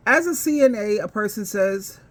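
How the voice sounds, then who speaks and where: A woman's voice: mid-range voice, animated, normal speed. A woman vlogger telling a story and reading viewer comments in casual commentary, rambling with fillers and laughing heartily between lines. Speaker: advice coach and vlogger.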